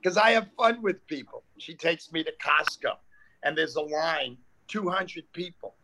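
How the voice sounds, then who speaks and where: An older New York comedian, appearing as a guest, chats casually with a fairly high voice at a moderate pace over background noise. He tells stories animatedly, acting out the people in them and their quoted exchanges.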